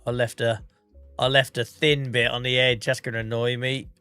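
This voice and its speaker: A man's voice: mid-range voice, flat delivery, normal speed, sharp tone, smooth, dry recording, faint music behind. A man in his forties with a Norfolk accent, chatting casually while live-streaming a farming game, under the weather and coughing, swearing and joking at his own expense. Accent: Norfolk English. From England. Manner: chatty, swearing, self-mocking.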